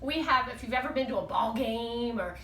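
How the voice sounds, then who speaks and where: A woman teaching a children's Bible lesson, talking to the kids in an animated, gushing, sing-song way. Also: a little high, brisk, slight background noise. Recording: echoey room, mic at a distance.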